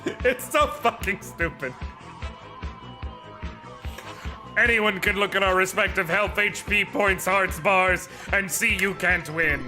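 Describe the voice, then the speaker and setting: A cruel, boastful villain knight from a video game, put on by a male streamer. He gloats in a theatrical, slightly high voice. Music plays in the background. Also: measured pace, heavily acted. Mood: taunting. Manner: theatrical, gloating, swings to shouting rage. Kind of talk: dramatic reading of game dialogue. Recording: music behind the voice.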